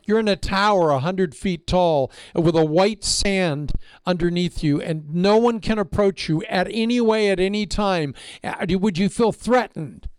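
A man's voice: high-pitched, measured pace, clean tone, no room sound. A man preaching a sermon as a pastor, telling the story with drama and playful asides.

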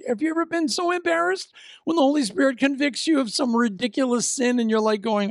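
Animated gravelly older male preacher. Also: extremely high pitch, brisk, no room sound, studio quality. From Iowa. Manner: animated storytelling with acted-out voices. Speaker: pastor. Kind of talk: sermon.

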